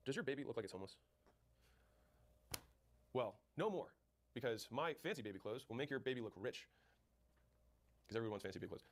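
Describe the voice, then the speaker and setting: A man's voice: lowish voice, vocal fry. A man coaching on sales in a punchy, direct way, acting out both sides of sales calls and answering questions. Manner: rapid, punchy, acts out sales dialogue. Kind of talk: fast sales coaching talk.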